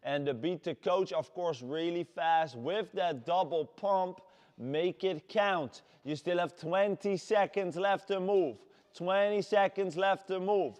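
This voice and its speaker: A man with a Dutch accent leading a workout class as fitness coach, shouting energetic encouragement. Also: high-pitched, takes it slowly. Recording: long hall reverb.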